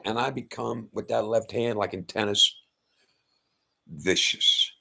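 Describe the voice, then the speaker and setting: A man retelling an old story in casual, animated talk, with loud sound-effect outbursts and blunt profanity. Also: on the low side, measured pace, gravelly. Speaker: self-styled faith speaker.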